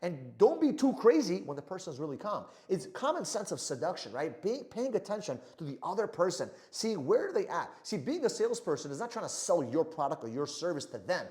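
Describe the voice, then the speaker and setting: A man giving a motivational sales talk to camera, energetic and gesturing, often checking in with "right?". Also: high voice, brisk, few pauses. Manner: energetic, animated delivery with frequent "right?" check-ins; moves hands and body while talking. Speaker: sales trainer.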